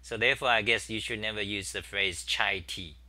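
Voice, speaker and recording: A man's voice: fairly low pitch, steady tone, a little fast, bright, forceful tone, no echo. A middle-aged man hosting a casual live-stream chat, rambling and thinking aloud with many fillers while he types at his desk. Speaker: talk show host.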